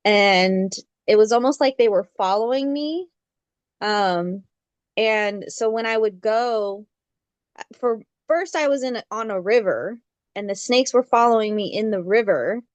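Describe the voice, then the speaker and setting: A woman's voice: medium pitch, measured pace, no echo, lo-fi sound. A woman on a group video call, earnestly sharing a vision, with fillers and restarts. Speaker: participant.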